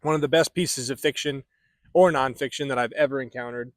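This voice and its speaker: A man's voice: medium pitch, steady tone, fairly quick, dry recording, clean studio sound. A young man from the middle of the United States, rambling through a casual book review at home with many fillers and restarts. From central United States.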